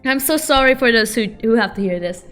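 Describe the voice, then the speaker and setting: A woman's voice: a little high, lively intonation, a little fast, fairly bright tone, faint music behind. A woman streaming a dating game, chatting casually and reacting in a giggly, flustered way. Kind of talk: casual game stream, reading dialogue aloud.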